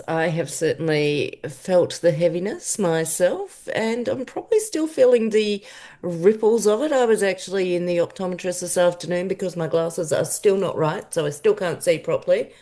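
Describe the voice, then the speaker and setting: A woman's voice: on the low side, warm tone. A woman co-hosting a podcast, chatting casually and laughing easily as she talks about her feelings. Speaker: co-host.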